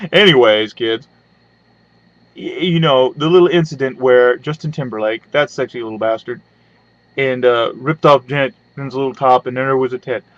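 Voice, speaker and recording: A man rants crudely and sarcastically into his webcam, rambling between hums and side remarks. The audio is dry and a little dull, like a cheap built-in mic. His voice sits at an ordinary pitch for a man. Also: moderate pace, long pauses, fairly bright tone, no room sound. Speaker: webcam vlogger. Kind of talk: profane comedic rant.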